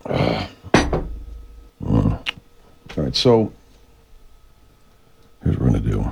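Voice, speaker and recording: A radio host with a deep voice and vocal fry delivers a profane, wandering monologue that keeps drifting off track. There's no room sound in the recording.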